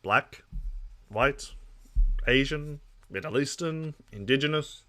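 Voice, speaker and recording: A man's voice: mid-range voice, takes it slowly, sharp tone. A young man with an Australian accent carrying a trace of English, chatting casually on a political live stream and rambling through responses to his chat. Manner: rambling, reacting to chat messages.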